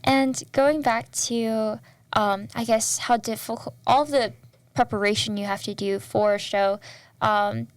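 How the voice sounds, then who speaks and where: A woman's voice: fairly high pitch, steady tone, unhurried, no echo. A woman interviewing a guest, attentive and giving many short acknowledgments. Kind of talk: casual interview.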